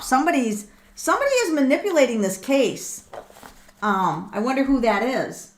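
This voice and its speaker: A middle-aged woman hosting a live tarot reading, excitable and thinking aloud with frequent ums and repeated words. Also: sits high, normal speed. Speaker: tarot reader and livestream host.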